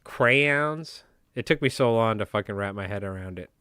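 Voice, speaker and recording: Joking New York man, smooth voice. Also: fairly low pitch, fast, dry recording, clean studio sound. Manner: rambling, joking, talks nonstop. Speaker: livestream host. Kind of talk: casual livestream chat.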